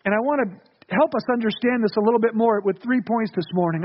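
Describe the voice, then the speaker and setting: A man's voice: extremely high pitch, fast, lo-fi sound. A man preaching a sermon as pastor, casual and joking, and calling the congregation to repeat phrases with him. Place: church sanctuary.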